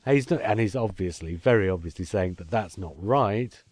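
A man's voice: low-pitched, animated, moderate pace, a little mellow, no echo. A man, co-hosting a casual podcast chat and reading listener emails aloud. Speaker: podcast co-host.

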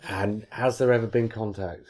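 A man co-hosting a podcast, chatting casually and reading a listener's email aloud with lively emphasis. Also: fairly low pitch, normal speed. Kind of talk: casual chat.

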